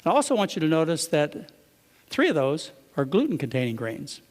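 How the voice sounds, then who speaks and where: A man's voice: fairly high pitch, very animated, brisk, darkish tone, long reverb tail. A man giving a conversational lecture to a live audience, often asking them rhetorical questions.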